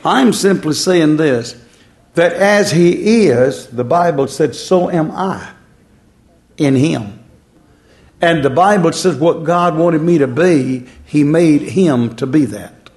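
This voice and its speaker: A man's voice: a little high, slow, a little mellow. A man preaching a sermon in a folksy, repetitive way, drawing out words for emphasis.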